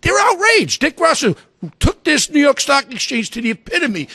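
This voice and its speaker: A man with a strikingly high voice rants on a talk radio show, loud and outraged, hollering his points. The sound is close and dry, with no room around it. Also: sing-song, moderate pace, gravelly, no room sound. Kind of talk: ranting talk radio commentary.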